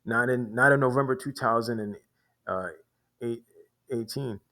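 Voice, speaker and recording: A man's voice: mid-range voice, moderate pace, sharp tone. A man telling a long personal story in a rambling way, restarting and repeating words often. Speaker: vlogger. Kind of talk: casual storytelling monologue.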